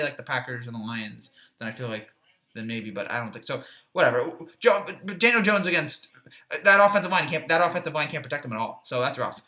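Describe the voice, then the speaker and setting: A man with a bright, forward voice delivers a casual football reaction monologue. He wanders through his points with plenty of "uh"s and restarts, sharing blunt opinions with a dry, sarcastic edge. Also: fairly high pitch. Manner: rambling, chatty, frequent fillers and restarts. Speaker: sports reaction YouTuber.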